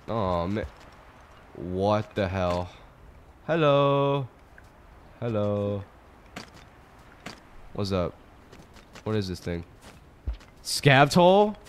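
Young man yelling over a hard game. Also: lowish voice. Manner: swings from mumbling to shouting and swearing. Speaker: gaming streamer. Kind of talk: reactive gameplay commentary.

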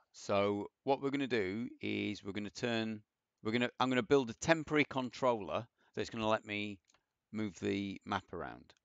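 Man, gravelly low voice, rambling coding tutorial, dull dry lo-fi mic. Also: fairly bright tone, no echo. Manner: rambling, self-deprecating, thinks aloud while typing. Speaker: programming teacher. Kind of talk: casual coding tutorial with screen share.

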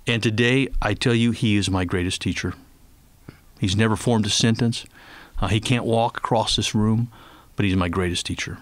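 Earnest low-voiced middle-aged man. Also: fairly even intonation, dry recording. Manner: earnest, slow and tender when praying aloud. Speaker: ministry leader and guest. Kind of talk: faith radio interview.

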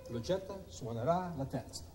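Man playing a brisk Baroque violin master in a hall. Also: a little high, expressive, over loud music, close to an everyday voice. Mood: instructing. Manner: brisk rehearsal commands in clipped Italian phrases. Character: male Baroque priest-composer coaching young string players. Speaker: actor in a documentary reenactment. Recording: reverberant hall, heard from afar. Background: loud violin playing.

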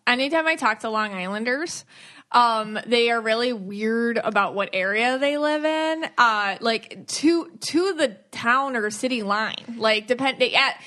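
A woman's voice: fairly high pitch, lively intonation, a little slow, fairly bright tone. A woman hosting a podcast in casual chat, playful and chatty, laughing often. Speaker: podcast host.

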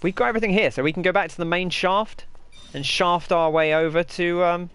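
A man's voice: sits high, fairly even intonation, a little fast, fairly bright tone, clean tone, no room sound. A man giving chatty, rambling gameplay commentary and answering his chat as he plays. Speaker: gaming host.

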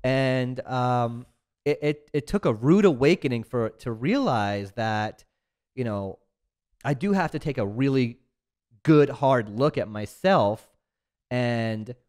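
This medium-pitched man sounds animated and a little mellow, keeping a measured pace. As a podcast guest who owns a business, he reflects earnestly on his life in a casual interview.

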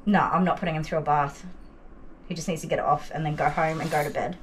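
A woman dog groomer talking softly and apologetically to a frightened dog while she works. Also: sits low, steady tone, fast. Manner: soft, apologetic soothing of a dog. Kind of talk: vlog talk while grooming. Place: grooming salon. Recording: clear clipper and room noise. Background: electric clippers buzzing.

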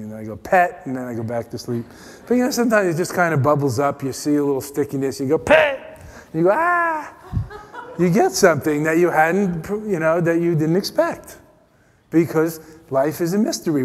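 An American man giving a playful, teasing meditation talk at a retreat, his voice dropping to soft, quiet tones. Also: a little high. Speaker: meditation teacher. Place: retreat meeting hall. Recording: long hall reverb.

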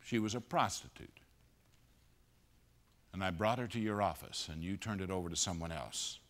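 A man preaching a sermon at a conference, moving between loud emphatic peaks and hushed low passages. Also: moderate pace. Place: conference auditorium.

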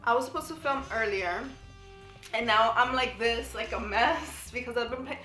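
A sick, out-of-breath woman chatting excitedly in a beauty vlog, coughing and sighing. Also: on the high side, normal speed. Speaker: beauty vlogger. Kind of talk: casual vlog chat. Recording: echoey room with background music.

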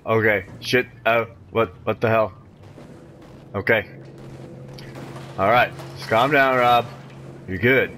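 A man's voice: fairly low pitch, slow, pauses often, sharp tone, slight background noise. A man giving let's-play commentary on a horror game, jumpy and nervous, swearing a lot and talking to himself in nervous rambles. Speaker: video game player.

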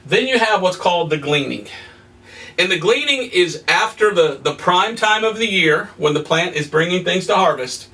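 A male evangelist teaching a sermon in a folksy, animated way, reading scripture and telling homey stories with excited exclamations. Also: high-pitched, moderate pace, far from the mic.

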